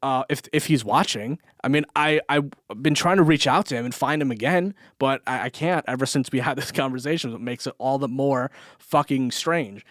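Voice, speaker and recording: Telling a long story on his vlog, a young man rambles at normal speed in a mid-range, fairly bright voice. He swears freely, laughs often and uses plenty of fillers. It's studio quality with no echo.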